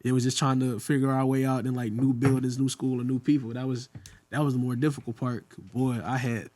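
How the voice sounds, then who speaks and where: A man's voice: mid-range voice, brisk, no room sound. A young man from Mississippi with a Southern accent, telling stories as a podcast guest and acting out the people he quotes. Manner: animated storyteller acting out quoted voices. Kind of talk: casual podcast storytelling.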